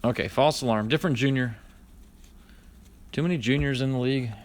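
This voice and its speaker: A man with a medium-pitched voice talks fairly quickly as he opens a pack of cards on his vlog. In casual commentary, he reads each name aloud in a chatty running list and addresses live viewers by name.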